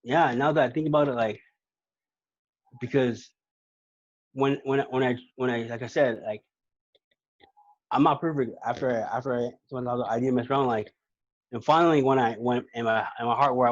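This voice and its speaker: A man's voice: medium pitch, dry recording, lo-fi sound. A man telling a personal faith story in casual talk as a podcast guest, rambling with many restarts. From California. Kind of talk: casual testimony.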